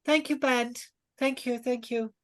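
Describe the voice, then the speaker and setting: A woman's voice: fairly high pitch, fairly even intonation, measured pace, voice pushed up, lightly acted. A woman voicing a grand noblewoman hostess with a piercing, theatrical way of announcing. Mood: excited.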